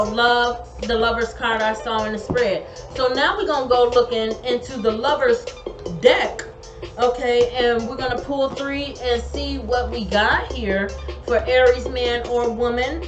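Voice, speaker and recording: A fairly high-voiced woman giving a tarot reading with emphatic, colloquial advice that she keeps repeating. Her voice rings in an echoey room. Music plays steadily behind her. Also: lo-fi sound. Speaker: tarot reader.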